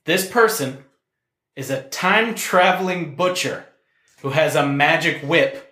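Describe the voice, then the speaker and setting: A man with a slightly high, slightly slow voice and a sharp tone hosts a casual podcast, and the sound is reverberant. He runs a quiz game playfully, joking around and laughing at his own ideas.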